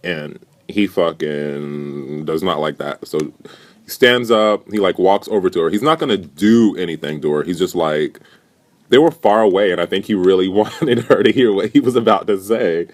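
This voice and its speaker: A man's voice: sits low, lively intonation, moderate pace. A young man giving a casual, gossipy recap of a reality show with a sarcastic, rambling manner. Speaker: vlogger.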